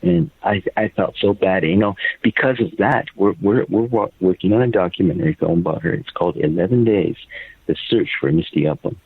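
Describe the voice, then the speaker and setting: A deep, low older man comes through a narrow, tinny phone line. His voice is gravelly and husky, and he speaks in a halting, stumbling way, often repeating words. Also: no room sound. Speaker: guest, father of the subject. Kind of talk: phone interview, personal account.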